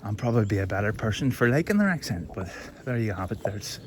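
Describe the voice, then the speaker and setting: A man's voice: on the low side, sing-song, fast. A man from Northern Ireland with a Derry accent, chatting in a rambling, self-deprecating way as he films himself walking outdoors on a phone stick. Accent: Northern Irish, Derry. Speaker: vlogger. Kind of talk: rambling walk-and-talk chat. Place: outdoors on a rural hill walk. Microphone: phone on a selfie stick. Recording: phone mic with clear outdoor background noise. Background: birds and outdoor noise.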